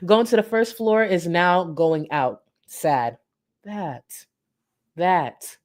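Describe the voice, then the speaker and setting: A woman's voice: on the low side, very slow. A woman doing casual live-stream commentary. She talks bluntly, swears freely and slips into mocking sweetness. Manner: blunt, profane, sarcastic.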